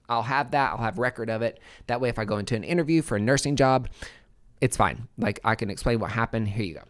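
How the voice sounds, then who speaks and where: A man hosting a podcast, telling his own story in a candid, animated, profane monologue full of fillers. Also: medium pitch. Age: adult, former nurse.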